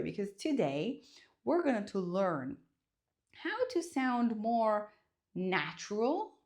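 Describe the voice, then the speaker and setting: A woman from Italy with an Italian accent, teaching an online language lesson in an expressive, emphatic way. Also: mid-range voice. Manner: expressive, emphatic, demonstrates intonation.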